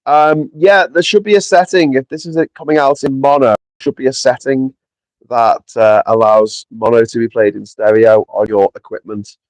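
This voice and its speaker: Outdoors in the wind, a sleep-deprived male livestream host chats casually, curses freely and reads his viewers' comments out loud. His mid-range voice holds a steady tone at normal speed. A small foam-topped clip-on mic records him dry and close, with no echo.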